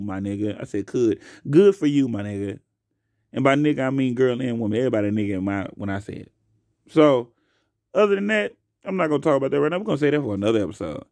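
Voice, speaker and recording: A young man hosting his own podcast alone, talking casually and profanely into a close mic, swinging between loud outbursts and quiet asides. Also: on the high side, vocal fry, dry recording. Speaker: podcast host. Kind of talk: casual solo podcast rant.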